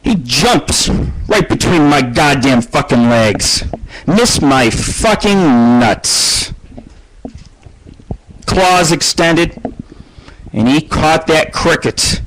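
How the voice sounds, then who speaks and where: A man's voice: a little high, lively intonation, slow pace, pauses often, a bit bright, low-quality recording. Profane, rambling middle-aged male radio host. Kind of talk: solo live radio monologue. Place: at home. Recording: faint background noise.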